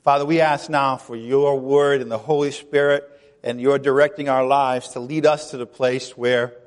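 A man's voice: mid-range voice, fairly even intonation, normal speed. A man preaching a chatty sermon as pastor, laughing often and acting out quoted voices. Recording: long hall reverb.

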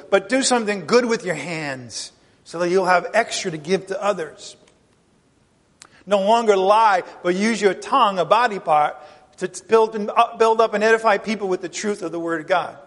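A pastor with a high-sitting voice preaches an emphatic sermon, peppering the congregation with rhetorical questions. A long reverb tail follows his words.

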